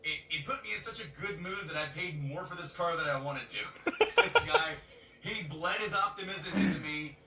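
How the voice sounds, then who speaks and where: A man co-hosting a podcast, telling a story in casual chat, animated and laughing as he acts out other people's lines. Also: high-pitched, normal speed, a crowd in the background. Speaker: podcast co-host. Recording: roomy webcam mic from a distance, faint noise.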